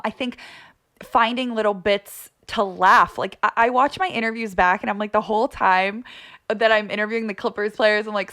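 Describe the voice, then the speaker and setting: A woman's voice: mid-range voice, a bit bright. A young woman, a sports broadcaster, chatting casually as a podcast guest in an upbeat, talkative way, laughing easily.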